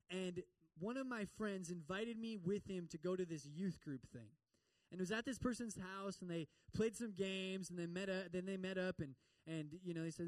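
A man's voice: sits high, darkish tone, no echo, recorded from a distance, rough recording. A man preaching a sermon in a church, telling a story and acting out the voices of its people. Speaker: pastor.

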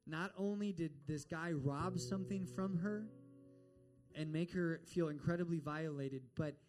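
A man's voice: fairly high pitch, measured pace, music in the background. A man preaching a sermon and telling a story in an earnest way, acting out the voices of the people in it. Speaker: pastor.

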